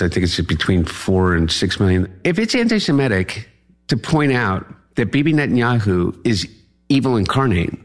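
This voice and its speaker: A man answering questions in a casual interview. His voice is very deep, and he speaks in a halting way, pausing often and filling the gaps with fillers. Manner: hesitant, halting, full of fillers.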